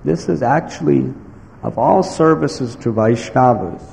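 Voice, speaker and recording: A man giving a devotional sermon in slow, emphatic phrases, now and then acting out what others might say. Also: medium pitch, vocal fry, darkish tone. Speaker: spiritual teacher. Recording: echoey hall with faint background noise.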